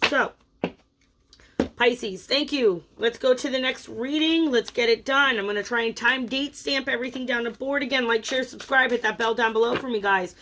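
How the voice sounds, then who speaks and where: A woman's voice: a little high, normal speed, bright, forceful tone, a little hiss or hum. A woman giving a casual tarot reading in a playful, teasing, chatty way. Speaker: tarot reader.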